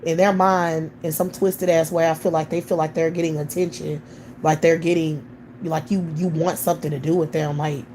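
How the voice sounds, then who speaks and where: Low, dark-voiced woman ranting profanely. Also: level tone, moderate pace, slight background noise. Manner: blunt, profane, heated. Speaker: livestream host. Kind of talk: ranting livestream commentary. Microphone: computer or phone mic on a livestream.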